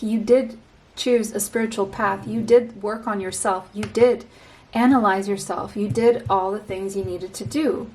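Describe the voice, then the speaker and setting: A woman giving a pick-a-card tarot reading, speaking straight to the listener in a slow, reassuring way and often repeating a phrase. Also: medium pitch, darkish tone, rough recording.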